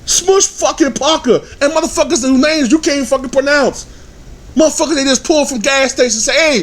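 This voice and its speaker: A man in his thirties delivering a heated, profanity-laden rant as a vlogger, swinging from low grumbling to shouted outbursts. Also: moderate pace. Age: 30s. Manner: angry, swearing, shouting bursts. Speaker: sports vlogger.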